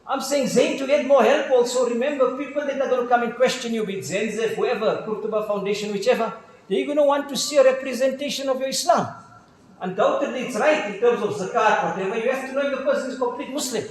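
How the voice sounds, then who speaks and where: This middle-aged imam, speaking with a South African accent, recounts stories in his sermon with quoted exchanges and casual slang, his voice extremely high and fast. The mosque hall is very echoey, and a slight hiss or hum is audible.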